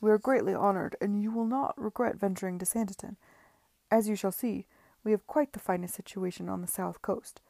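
A flustered, fawning gentleman who talks in an eager rush and bows to rank, read by a woman. Her tone is warm and slightly gravelly, heard in a dry close space. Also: medium pitch, steady tone, fairly quick, no room sound. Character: anxious eager man, a fawning seaside promoter.

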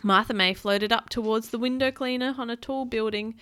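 A woman, a parent, reading a picture book aloud to her child in a playful, animated way and describing the pictures. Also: on the high side, fairly quick, clear, resonant tone.

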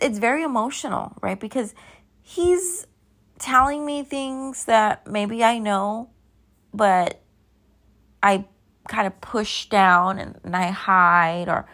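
A woman in her thirties hosts a podcast, talking casually on her own in a medium-pitched, slightly bright voice. She sounds sleepy and yawns as she rambles and drifts off topic.

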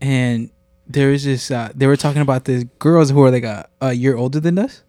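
A man's voice: medium pitch, steady tone, a little fast, mellow, no room sound, studio quality. A young man co-hosting a podcast, telling an embarrassing school story in slangy, self-mocking chat. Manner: slangy, self-mocking, says bro a lot. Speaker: podcast co-host.

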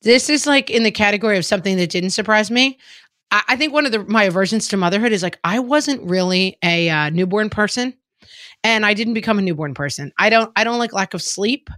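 A woman's voice: mid-range voice, animated, fairly quick, a bit bright, dry recording, clean studio sound. A woman in her forties chatting casually on a podcast, laughing often and filling her talk with "like". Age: 40s. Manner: chatty, laughing, frequent "like" fillers. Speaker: podcast co-host. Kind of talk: casual chat.

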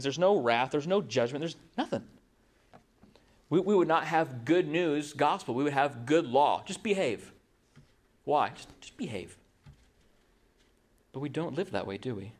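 A man preaches to his congregation in a relaxed, conversational way. His voice sits in an ordinary middle pitch. He keeps checking in with the room through quick rhetorical questions. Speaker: pastor. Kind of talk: sermon.

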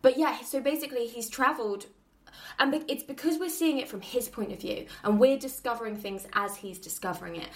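A woman in casual film-review chat, retelling scenes with big animated energy and plenty of swearing. Her voice sits a little on the high side. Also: a little fast.

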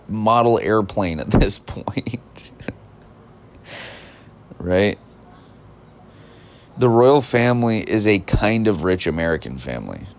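A man delivering a rambling, scornful comedic rant, often breaking off and restarting his sentences. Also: fairly low pitch. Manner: rambling, self-interrupting, scornful.

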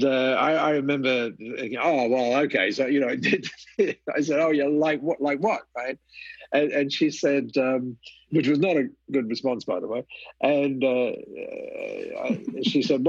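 A man, a mentor and author, telling a story as a guest in an interview, animated and laughing often as he acts out what others said. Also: medium pitch, breathy edge, no room sound, muffled recording. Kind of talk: storytelling in a conversation.

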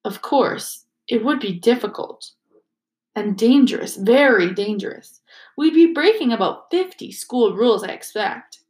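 Clever careful teen girl, read by a woman, earnest, a bit high, echoey. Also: lively intonation, a little slow, darkish tone. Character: clever, cautious teenage schoolgirl. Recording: echoey room.

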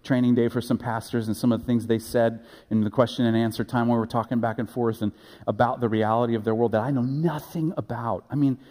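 A man preaching a sermon as pastor, earnest and halting, building to emphatic peaks. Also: medium pitch, warm tone. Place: church sanctuary. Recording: echoey church hall.

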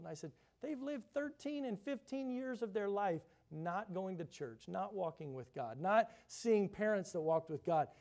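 A male pastor preaching a sermon, telling a story and quoting the people in it, sometimes dropping to a hush. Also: on the high side. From grew up in a big city. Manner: storytelling, quoting others in shifting voices, drops to a hush.

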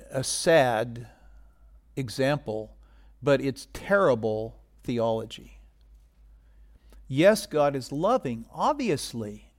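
A middle-aged man preaching a sermon as pastor, animated and getting loud for emphasis. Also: a little high.

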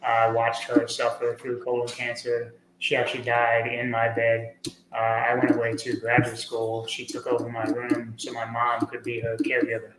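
A man talking as a podcast guest, earnest and rambling, with many fillers, getting lively when he tells stories. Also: medium pitch, normal speed. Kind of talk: conversational interview. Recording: echoey room with faint noise.

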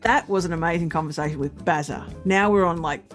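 A woman's voice: lowish voice, quick pace, faint music behind. A woman co-hosting a podcast, chatting in a friendly, easygoing way and laughing often. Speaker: podcast co-host. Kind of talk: casual chat.

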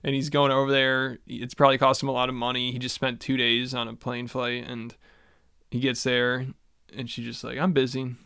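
Male co-host, mid pitch, dry close sound, laid-back and wry. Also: monotone, moderate pace, vocal fry, sharp tone, clear, resonant tone, no room sound. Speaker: podcast co-host. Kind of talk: casual reality-TV recap chat.

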